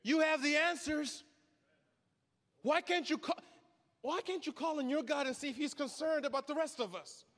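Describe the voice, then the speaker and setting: A pastor preaching a sermon, shouting with emphatic repetition. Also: male voice, very high voice, moderate pace, pauses often. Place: large hall. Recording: reverberant hall.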